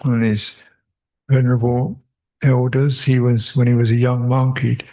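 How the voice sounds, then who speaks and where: A man's voice: medium pitch, level tone, normal speed, mellow. An older man, a Buddhist monk, answering questions at a meditation retreat, reflective, repeating short phrases and chuckling often. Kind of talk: retreat Q&A dharma talk.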